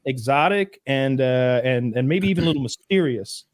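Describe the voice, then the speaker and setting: A man's voice: mid-range voice, lively intonation, normal speed, dry recording. A man in his forties from northeast Georgia, co-hosting a podcast in casual chat, blunt, profane and rambling. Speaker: podcast co-host.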